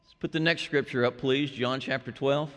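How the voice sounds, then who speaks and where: A man preaching a sermon as a pastor, shifting from hushed, drawn-out phrases to loud, emphatic lines. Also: mid-range voice, steady tone. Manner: dramatic preaching, dropping to hushed tones and rising to shouts. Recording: long hall reverb.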